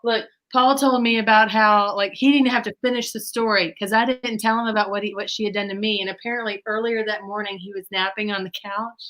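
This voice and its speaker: A woman hosts a relaxed chat. She tells stories in a bright, forward voice and laughs often as she goes. Her pitch sits in a middle range for a woman. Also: fairly quick, few pauses. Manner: animated storyteller who laughs often. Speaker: host. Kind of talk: casual chat.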